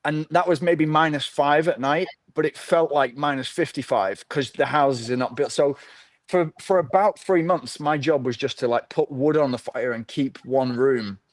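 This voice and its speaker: A man's voice: on the high side, moderate pace, dry recording. A middle-aged man from the north of England, a podcast guest telling his story in a rambling, easygoing way with many restarts. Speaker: podcast guest, ultra runner. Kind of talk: casual interview chat.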